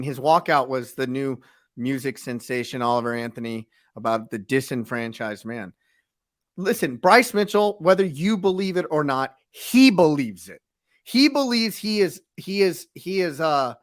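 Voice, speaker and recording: A man co-hosting a sports talk show who tells stories in an expressive, emphatic way. His voice sits high and moves up and down a lot. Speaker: co-host, sports commentator.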